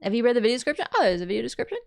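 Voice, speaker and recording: A woman YouTuber giving excited, rambling reaction commentary, swinging between loud gushing and hushed murmurs. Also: on the high side, very fast, vocal fry. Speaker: YouTuber reacting to a game trailer.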